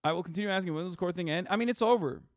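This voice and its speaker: Guy streamer going off at chat, swears a lot, kinda high voice, dry sound. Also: very fast, no echo. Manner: profane, heated ranting to chat. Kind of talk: livestream reaction commentary.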